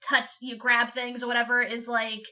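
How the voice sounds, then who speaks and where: Bright-voiced chatty woman. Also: on the high side, completely flat delivery, normal speed. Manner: chatty, many "like" fillers. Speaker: podcast co-host. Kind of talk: casual movie review chat.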